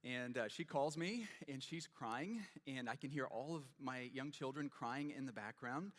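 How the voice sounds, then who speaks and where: A man's voice: medium pitch, normal speed. A man preaching a sermon as pastor, explaining scripture in a conversational way with stories and questions to the congregation. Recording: long hall reverb.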